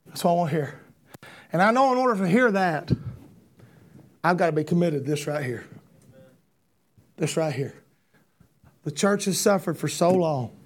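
A man preaching an impassioned sermon, repeating rhetorical questions and building to shouts. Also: on the high side, expressive, moderate pace, long pauses.

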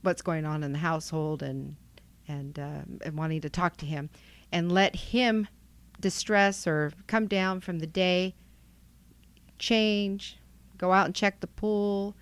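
A middle-aged woman speaking candidly in an interview about her marriage, reflective and halting, with frequent ums. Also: lowish voice, steady tone, smooth, no room sound. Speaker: guest, wife.

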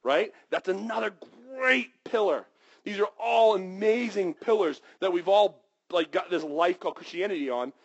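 A man preaching a sermon, animated and storytelling, who acts out characters with sudden high yelps and drops to a hushed voice for reverent points. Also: normal speed, creaky, lo-fi sound.

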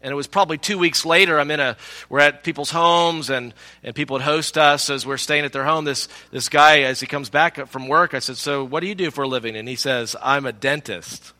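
A man preaching a sermon as pastor, telling a personal story in an animated way and acting out the people in it. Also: on the high side, a little fast. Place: church sanctuary. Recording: long reverb of a large hall.

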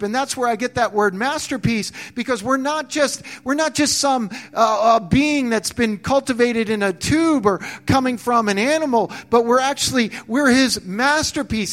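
A male pastor preaching a sermon, animated, acting out quoted voices and restarting his phrases often. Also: very high-pitched.

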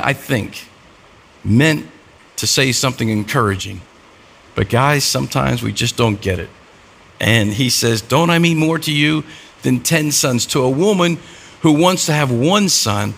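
A man's voice: mid-range voice, gravelly, fairly bright tone. A middle-aged man preaching a sermon as a pastor, telling stories and acting out the dialogue in them. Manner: storytelling with acted-out dialogue.

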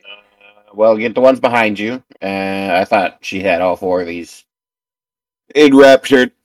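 A man's voice: sits low, a little slow, dry recording, recorded from a distance, rough recording. A man playing a tabletop game, focused and matter-of-fact. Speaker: player.

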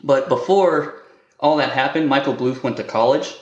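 A man's voice: mid-range voice, normal speed, reverberant, muffled recording. A man co-hosting a podcast in casual banter, joking around, laughing often and swearing casually. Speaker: podcast co-host.

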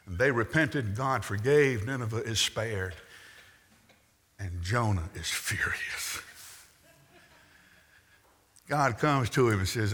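Bright-voiced male preacher in a reverberant hall. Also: lowish voice, slow pace, long pauses, slightly rough. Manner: storytelling preacher, acts out quotes, wry asides. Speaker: pastor. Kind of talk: sermon. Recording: long reverb in a large hall.

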